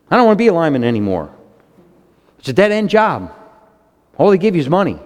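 Preacher in his fifties, excitable storyteller, high lively voice, reverberant hall sound. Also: fast talker, long pauses. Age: 50s. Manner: excitable, storytelling, animated swings in pitch. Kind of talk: sermon.

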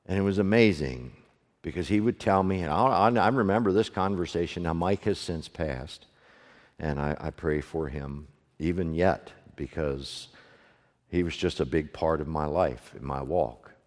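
A middle-aged man preaching a sermon to his congregation, moving from hushed storytelling to loud, fervent preaching. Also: low-pitched, moderate pace. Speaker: pastor. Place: church sanctuary, also streamed online. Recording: long hall reverb.

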